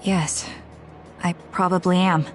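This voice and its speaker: Calm reserved young woman, measured and reflective, soft music behind. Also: fairly low pitch. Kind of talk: game cutscene voice acting.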